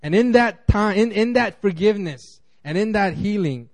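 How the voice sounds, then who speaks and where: A man pastor giving a casual, conversational sermon, animated and acting out quotes, with frequent restarts. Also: sits high, moderate pace.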